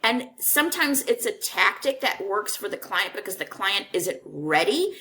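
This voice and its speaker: A woman's voice: mid-range voice, very animated, normal speed, pushed and bright, slight background noise. A woman therapist being interviewed, telling stories candidly and with animation. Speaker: therapist guest. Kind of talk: conversational interview.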